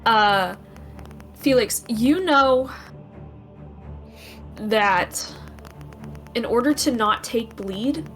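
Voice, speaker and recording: Slow-talking woman game master. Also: on the high side, soft background music, rough recording. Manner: halting, thinking aloud with many fillers. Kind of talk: narrating a tabletop game.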